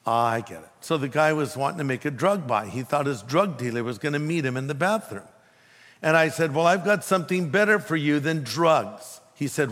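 A man's voice: on the high side, lively intonation, fairly quick, a bit bright. A man preaching a sermon as pastor, emphatic and telling a humorous story to make his points. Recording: long hall reverb.

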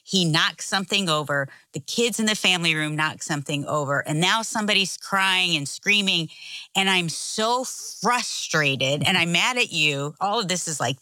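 A woman's voice: fairly low pitch, bright, forceful tone, no echo. A middle-aged woman co-hosting a casual chat, telling a story animatedly and acting out the voices in it. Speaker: co-host.

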